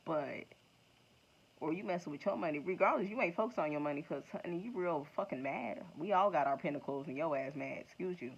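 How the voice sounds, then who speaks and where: A woman giving a casual tarot reading to her viewers, slangy, profane and excitable, laughing often. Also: low voice, brisk, slightly rough. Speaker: tarot reader. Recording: dull lo-fi sound with faint noise.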